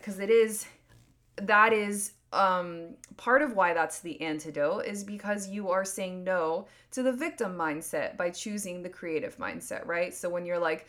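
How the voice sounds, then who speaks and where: A woman's voice: mid-range voice, a little slow, fairly bright tone. Earnest rambling woman podcaster. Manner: rambling, earnest, many likes and restarts. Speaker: podcast host. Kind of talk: casual solo podcast monologue.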